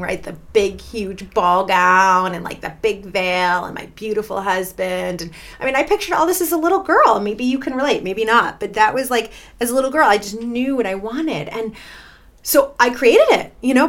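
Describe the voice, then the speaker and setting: A woman's voice: medium pitch, a bit bright. A woman in her thirties hosting her own podcast, talking candidly and emphatically as a life coach and swearing freely. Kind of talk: personal podcast monologue.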